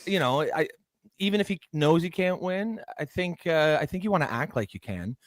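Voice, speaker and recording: A man's voice: fairly high pitch, animated, normal speed, no echo. A man co-hosting a livestream, chatting casually and hesitantly with many fillers while reading out viewer comments. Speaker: livestream co-host. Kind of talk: casual political chat.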